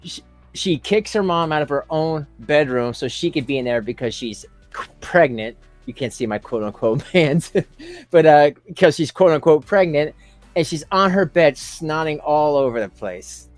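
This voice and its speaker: A man's voice: on the high side, animated, moderate pace, dry recording, faint music behind. A man streaming a reaction to a video, making sarcastic, rambling comments and laughing often.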